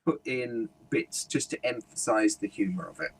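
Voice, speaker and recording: A man from the United Kingdom, a humorist, telling an anecdote in a relaxed interview and slipping into voices for the people he quotes. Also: fairly low pitch, normal speed, low-quality recording. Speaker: guest speaker and humorist. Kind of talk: casual storytelling interview.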